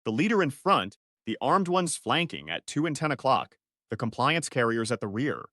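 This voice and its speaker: A man narrating a first-person sci-fi story in short, clipped, analytical sentences. His pitch moves around a lot from phrase to phrase, and the recording is dry and close with no room sound. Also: very animated, normal speed, fairly bright tone, no echo.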